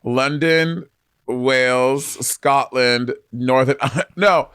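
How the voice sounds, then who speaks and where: A man in mid-range pitch chatting casually on a podcast, playful and full of quick asides. His voice sounds close and dry, with no room around it. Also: fairly bright tone, clear, resonant tone, no room sound. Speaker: podcast co-host. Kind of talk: casual chat.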